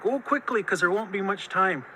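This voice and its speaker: A man's voice: high-pitched, moderate pace, bright, forceful tone, slight background noise, rough recording. A man doing a cocky trickster coyote. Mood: urgent. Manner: cocky, bossy, scolding. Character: bold, stubborn trickster male coyote.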